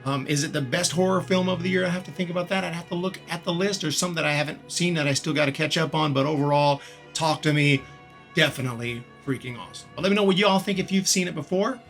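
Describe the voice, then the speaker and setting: A man's voice: fairly high pitch, quick pace, vocal fry, fairly bright tone, faint music behind. A man hosting his own channel, giving a frank, rambling movie review and repeating words as he thinks aloud. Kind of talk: casual spoken movie review.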